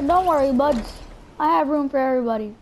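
A high-pitched woman narrates her gameplay live. She is chatty and excitable, reacts loudly to finds and threats, and keeps talking straight to her viewers. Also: brisk, slight background noise. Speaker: gameplay commentator.

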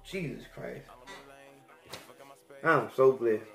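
A young man, a podcast host telling a crude story in a profane, animated rant that swings between loud outbursts and mutters. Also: medium pitch, drawn-out words, vocal fry, roomy sound, soft background music.

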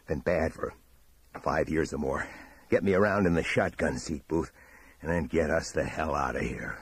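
A man voicing a grim, gruff companion with a bad heart, speaking hoarsely. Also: a bass voice, moderate pace, no echo, full character voice.

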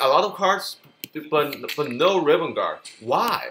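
An excitable man narrates his own card game, repeating phrases and calling out to his opponent. His pitch leaps up and down as he reacts. The recording is noisy, with mouse clicks underneath. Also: measured pace. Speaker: gameplay commentator. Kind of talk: casual live gameplay commentary.

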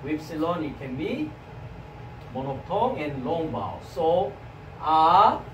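A very animated man with a Korean accent and a voice on the high side lectures a Greek class in non-native English, a little slowly, repeatedly asking "right?" to check on students. The sound is lo-fi, with echo, a distant mic, and faint background noise.

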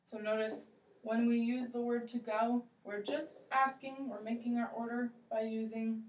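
A woman teaching English, slow and encouraging, repeating phrases for a learner. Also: on the high side, level tone, far from the mic. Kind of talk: ESL role-play lesson. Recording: echoey room, voice from afar.

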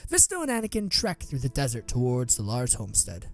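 Male narrator for a fan story, animated pitch, mid voice, dramatic. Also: fairly quick, faint music behind.

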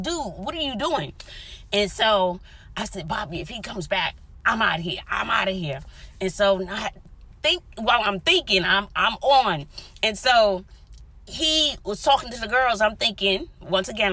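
A woman vlogger telling a dramatic story in casual chat, often dropping to whispers, recorded inside a parked car. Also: mid-range voice. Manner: animated, dramatic retelling with whispered asides.

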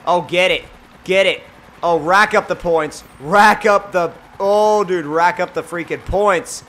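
A man giving excitable, jokey, rambling commentary while playing a racing game. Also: high-pitched, measured pace, a little hiss or hum. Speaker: gaming channel host. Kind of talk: gameplay commentary.

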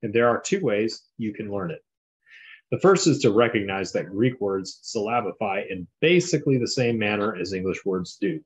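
Low-voiced man reading a textbook aloud. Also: expressive, normal speed. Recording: dull lo-fi classroom recording.

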